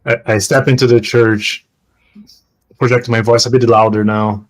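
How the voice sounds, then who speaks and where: A man's voice: medium pitch, flat delivery, poor audio. A man playing a tabletop game, hesitantly describing his character's actions. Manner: hesitant, halting. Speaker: player.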